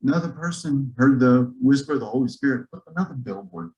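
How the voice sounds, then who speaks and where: A man, a physician, telling a story to a church gathering in a lively, joking way, acting out the dialogue. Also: mid-range voice, fast talker, dull audio. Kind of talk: storytelling talk to a church audience. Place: church auditorium.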